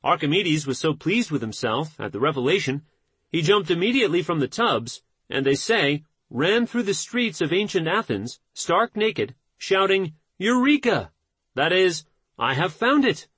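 A man narrating a nonfiction audiobook in a measured, steady reading voice. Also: fairly high pitch, slightly rough, no echo.

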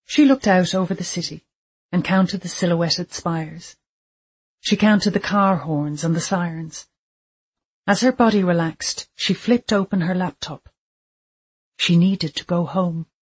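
Breathy, measured audiobook narrator. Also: medium pitch. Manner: steady, measured storytelling.

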